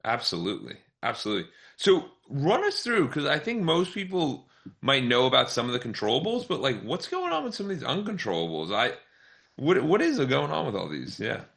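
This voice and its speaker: A man's voice: medium pitch, wildly swooping pitch, fairly quick, gravelly, a bit bright. A man hosting a podcast interview, chatting casually and affirming his guest with enthusiasm. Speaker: podcast host.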